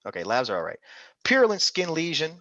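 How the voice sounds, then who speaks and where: A man's voice: on the high side, huge pitch swings, quick pace, sharp tone, dry recording, muffled recording. A man tutoring an interactive online medical exam class, upbeat and coaxing, calling on students by name.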